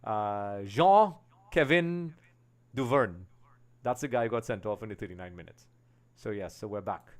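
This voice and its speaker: A man's voice: fairly low pitch, expressive, measured pace. A man from Trinidad and Tobago hosting a live football watch-along, chatting casually, greeting viewers and reading out their comments. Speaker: live stream host.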